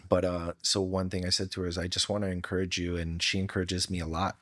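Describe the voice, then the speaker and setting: A man's voice: low voice, flat delivery, quick pace, hardly any pauses, fairly bright tone, dry recording, clean studio sound. A middle-aged man from Hawaii, a podcast guest telling personal stories in an earnest, heartfelt way with casual slang. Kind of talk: candid storytelling.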